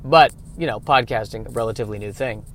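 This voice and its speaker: A man's voice: mid-range voice, fast, slight background noise. A man hosting a casual comedic solo podcast, rambling in a self-deprecating way and often restarting his sentences. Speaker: podcast host.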